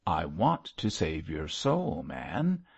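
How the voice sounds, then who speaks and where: A man's voice: low-pitched, wildly swooping pitch, takes it slowly, gravelly, slightly rough, voice pushed down, exaggerated voice. A man voicing a fervent lay preacher who pleads and lectures in a grave, preachy manner. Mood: earnest. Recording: muffled lo-fi recording.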